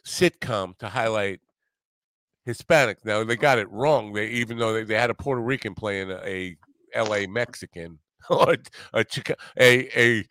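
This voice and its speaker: A man's voice: fairly low pitch, moderate pace, a bit bright, no room sound. A man hosting a podcast in casual chat, rambling, laughing often and swearing now and then. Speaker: podcast host.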